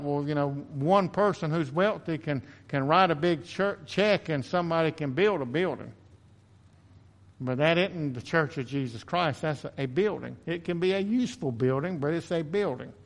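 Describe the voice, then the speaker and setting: A man's voice: on the high side, in a large hall. A man preaching a sermon as pastor, earnest and self-confessing, often repeating words as he builds emphasis. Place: church sanctuary.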